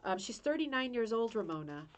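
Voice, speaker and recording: A woman's voice: on the high side, big pitch swings, fairly quick. A woman hosting a casual craft-club video, talking through a book in a chatty, heartfelt way with many restarts. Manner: chatty, emotional, restarts often. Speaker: rug hooking club host.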